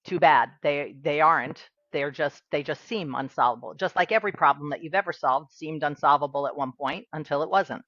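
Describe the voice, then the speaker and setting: A woman's voice: sits low, fairly quick, hardly any pauses, fairly bright tone, no room sound, dull audio. A woman hosting an interview, speaking in an eager, affirming and reflective way. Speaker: podcast host. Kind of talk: conversational interview.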